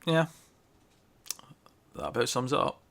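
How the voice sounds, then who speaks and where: A man's voice: mid-range voice, very animated, measured pace, gravelly, a bit bright. A man co-hosting a casual TV review chat, rambling and correcting himself, often laughing. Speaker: podcast co-host reviewing TV.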